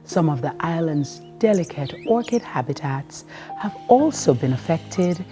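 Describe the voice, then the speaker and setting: Female morning TV host from Jamaica, lowish voice, chatty interviewer. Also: expressive, unhurried, mellow, faint music behind. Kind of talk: TV morning show chat.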